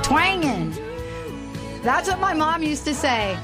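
A woman hosting an inspirational radio talk show, animated and playful, breaking into bits of song. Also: sits high, measured pace, over loud music. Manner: animated, playful, sings snatches of songs.

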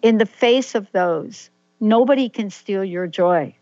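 A woman's voice: mid-range voice, unhurried, dark tone, no echo, muffled recording. A woman hosting an interview, telling stories and asking open questions. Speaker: host. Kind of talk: interview conversation.

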